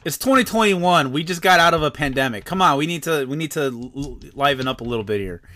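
A man hosting a podcast in casual chat, expressive, swearing freely and exclaiming often. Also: fairly high pitch, fast talker, dry recording. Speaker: podcast host.

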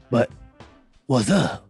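A man voicing a brash, loud Mexican-American radio-jock character who talks in profane, hyped-up slang. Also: mid-range voice, vocal fry, exaggerated voice. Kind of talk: voice-message banter.

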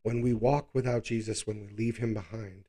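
A man's voice: fairly low pitch, steady tone, moderate pace, dark tone. A man hosting a live Bible study, talking through scripture in a conversational, reflective way.

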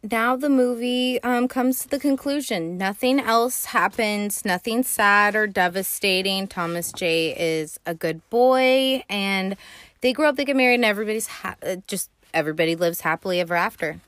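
A young woman hosting a podcast, recapping a film in a casual, profane, animated way with sassy asides. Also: medium pitch, moderate pace, no room sound. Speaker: podcast host.

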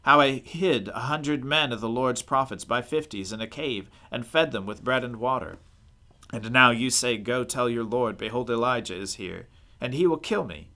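A man's voice: medium pitch, normal speed, bright, forceful tone. A man voicing a frightened male royal servant in a scripture reading, pleading anxiously.

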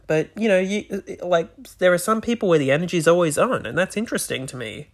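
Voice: medium pitch, expressive, quick pace. A podcast host talking alone into a microphone, rambling with many restarts and words that sometimes slur. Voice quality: slightly slurred words. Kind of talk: solo podcast monologue.

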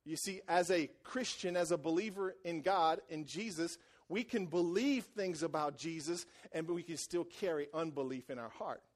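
A man preaching as a church pastor uses repetition for emphasis and swings between subdued intensity and loud enthusiasm. His voice is a little high, his speed normal, and he barely pauses.

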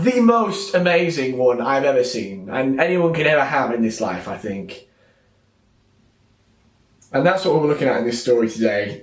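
A man hosting an online church talk, chatty and animated, with joking asides before a devotional message. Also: high voice, roomy sound.

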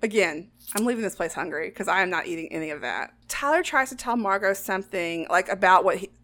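A woman's voice: on the low side, expressive, quick pace, fairly bright tone. A woman co-hosting a podcast, casually and profanely recapping a movie scene by scene. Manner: profane, sassy, quotes characters in put-on voices. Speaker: podcast co-host.

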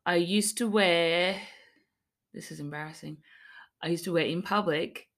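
A woman's voice: lowish voice, unhurried, fairly bright tone. A young Australian woman co-hosting a casual podcast, cheeky and swearing freely, with a slight lisp from fresh dental fillings. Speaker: podcast co-host.

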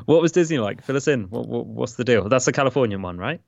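A man's voice: mid-range voice, gravelly, no echo. A man with a British accent co-hosting a podcast in an easygoing casual chat, recorded on a slightly dull lo-fi mic. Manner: easygoing, laid-back, laughs along. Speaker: podcast co-host.

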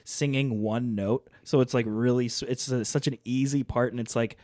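In a clean studio recording with no room sound, a man co-hosts a podcast, keeping the chat casual while he laughs a lot and starts sentences over. He speaks at normal speed in a steady, mid-range voice that's a little mellow.

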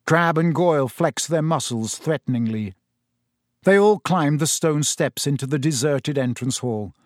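A man reading a novel aloud as a steady, expressive audiobook narrator. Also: a little high, measured pace, dry recording, studio quality. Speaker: audiobook reader. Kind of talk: storybook narration.

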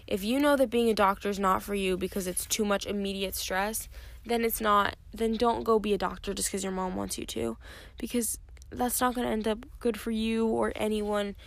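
A woman's voice: medium pitch, steady tone, normal speed, gravelly, dry recording. A young woman hosting her own podcast, talking candidly and rambling with many fillers, tired and yawning. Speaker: podcast host. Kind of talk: casual solo podcast talk.

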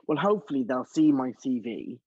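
A man's voice: medium pitch, fairly quick, slightly rough, no room sound. A man in his thirties, a musical theatre actor telling stories in a casual chat, acting out other people's voices. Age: 30s. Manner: animated storyteller, acts out voices. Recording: dull, dry close recording.

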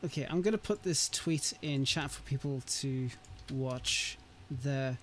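A man's voice: mid-range voice, a little slow, slight background noise. A man hosting a casual livestream chat, rambling and hesitant, with frequent laughs. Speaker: streamer hosting a modding chat.

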